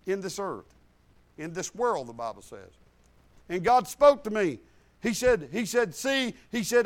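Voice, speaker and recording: A man's voice: high voice, big pitch swings, normal speed. A man preaching a sermon, retelling talks with God and mixing scripture quotes with folksy plain talk.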